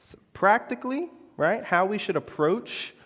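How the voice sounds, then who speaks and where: Animated young pastor in an echoing hall. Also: male voice, high voice, unhurried. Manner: animated, confessional, self-mocking. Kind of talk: storytelling sermon. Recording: long echo of a large hall.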